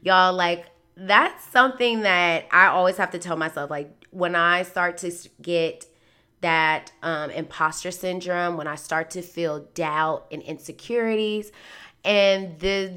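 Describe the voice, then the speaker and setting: With a fairly low, pushed, bright voice and clean tone, this podcast host in her thirties reflects on faith and what she's learned. Her monologue is candid and earnest, conversational and filled with "like" and "um," offering faith-centered encouragement.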